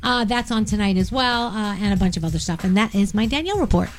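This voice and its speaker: Woman, radio co-host, lively pitch, faint clicks behind. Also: fast talker, a little hiss or hum. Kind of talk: radio entertainment report and banter.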